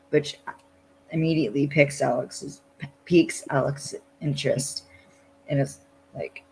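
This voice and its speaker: Slow, gravelly podcast co-host. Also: mid-range voice, fairly even intonation, darkish tone, slight background noise, poor audio. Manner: loose retelling full of "like" fillers. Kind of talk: casual podcast chat.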